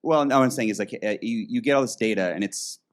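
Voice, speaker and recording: A man in the audience asking a question in a casual, halting way, with many restarts and "like" fillers. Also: medium pitch.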